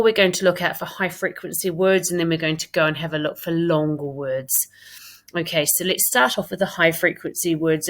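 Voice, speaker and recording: This woman, a primary school teacher with a British accent, reads her own writing aloud to young pupils in a recorded English lesson and explains it step by step. Her voice is lowish and a bit bright.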